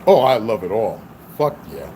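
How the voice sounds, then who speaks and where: A man casually telling his viewers a story, swearing constantly and calling them y'all in an animated, rambling way. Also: on the low side, moderate pace, background noise. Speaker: vlogger.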